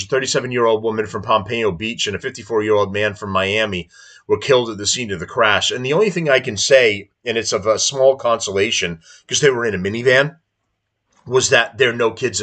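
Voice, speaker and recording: A man's voice: mid-range voice, pushed and bright. A man hosting a podcast, reading news aloud and breaking into indignant, heated commentary. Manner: indignant, heated ranting between read-out passages. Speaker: podcast host.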